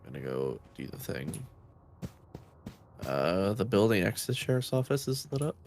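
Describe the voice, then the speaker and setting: A man's voice: fairly low pitch, sing-song, moderate pace, vocal fry, darkish tone, a little hiss or hum. A man chatting casually in a co-op game, laid-back and joking as he directs his teammates. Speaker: gamer. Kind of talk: casual co-op gaming chat.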